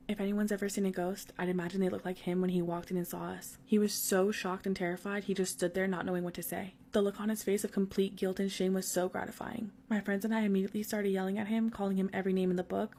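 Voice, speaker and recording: A woman reading out a storytime in a flat, even way. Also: mid-range voice. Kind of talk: storytime narration.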